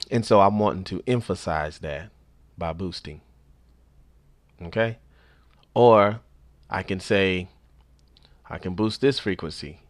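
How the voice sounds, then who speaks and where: A man with a deep, low voice talks through a tutorial in a relaxed, easygoing way. He explains things step by step and repeats key points. The sound is close and dry, with no room echo. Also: takes it slowly, pauses often. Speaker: instructor. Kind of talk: casual spoken tutorial.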